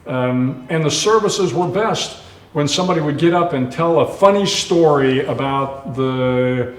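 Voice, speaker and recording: A man's voice: fairly high pitch, unhurried. Earnest older man telling a story in a roomy hall. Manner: earnest, anecdotal, with many restarts and fillers. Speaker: retired admiral and author, guest. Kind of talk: storytelling in a live onstage conversation. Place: live event stage.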